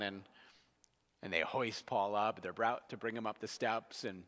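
A man's voice: fairly low pitch, brisk, fairly bright tone, big-room sound. A man preaching an expository sermon in a conversational, storytelling manner.

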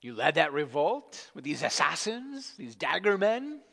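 A brusque Roman army commander, as a preacher puts him on, firing incredulous questions in a raised, lively voice. The lines rise and fall in pitch, and a long hall reverb trails after them. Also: male voice, measured pace, creaky, exaggerated voice. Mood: suspicious.

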